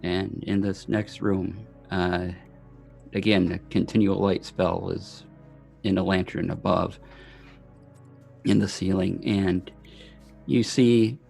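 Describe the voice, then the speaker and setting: A man narrating as dungeon master of a tabletop game, slow and halting with many fillers. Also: sits low, steady tone, vocal fry, a little mellow, faint music behind.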